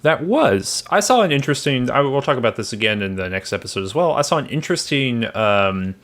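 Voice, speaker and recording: A man with a mid-range voice co-hosts a relaxed podcast. He talks in easygoing, teasing banter with his co-host. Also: mid-range voice, brisk. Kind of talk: casual podcast chat.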